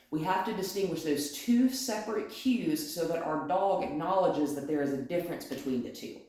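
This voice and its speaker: A woman's voice: deep voice, a little mellow. Woman trainer in a very echoey room. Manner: explains each step aloud, often tags lines with "right?". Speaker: dog trainer. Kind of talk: hands-on dog training lesson. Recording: very echoey room, faint noise.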